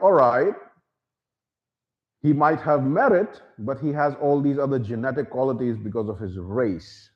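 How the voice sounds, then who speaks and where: A man hosting his own channel, giving an opinion monologue in an animated way, slipping into mocking voices. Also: mid-range voice, dull audio. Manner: animated, slips into mocking voices, calls himself by name. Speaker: channel host.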